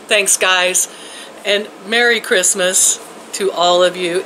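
An older woman chatting in a warm, homey, folksy way to people watching her videos, laughing often and calling out to her pets. Her voice sits at an ordinary pitch for a woman. A faint hiss of room ambience runs underneath. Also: rough recording. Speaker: vlogger. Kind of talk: casual chat to viewers. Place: home, indoors and out in her yard.

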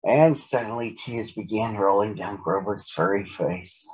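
A man reads a children's storybook aloud, slow and unhurried, in a lowish, husky voice. The recording is dull and lo-fi. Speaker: storybook reader.

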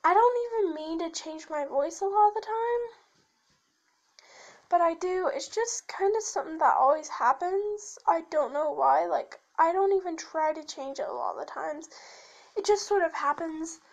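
A woman's voice: very high voice, lively intonation, moderate pace, vocal fry, rough recording. A teenage girl chatting casually to her channel, rambling and sidetracked, with many fillers and restarts and a habit of shifting her voice. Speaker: channel host. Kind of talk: casual chat to camera.

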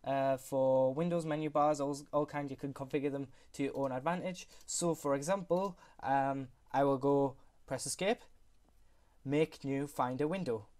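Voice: mid-range voice, fairly even intonation, moderate pace, few pauses, darkish tone. A speaker hosting a casual computer tutorial, rambling, often correcting themselves and apologizing, on a USB computer microphone. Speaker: tutorial host. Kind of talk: casual screen-recorded tutorial.

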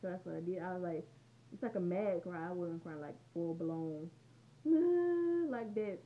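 A teenage girl vlogs from a room at home, rambling through a casual storytime in a chatty, conversational way. Her voice is on the low side and steady, at a moderate pace, and the home recording sounds dull and lo-fi.

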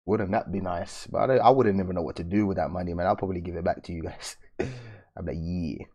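A man's voice: low-pitched, steady tone, very fast, a little mellow, husky. A young man hosting a live drawing stream, chatting casually and slangily to his viewers and laughing often. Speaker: art channel host.

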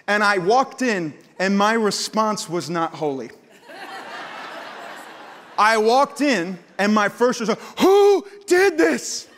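A man in his thirties preaching a sermon, telling stories and acting out voices, swinging from loud outbursts to hushed prayer. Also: high voice, expressive, slow, pauses often. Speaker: pastor. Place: large church hall. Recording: church hall with long reverb.

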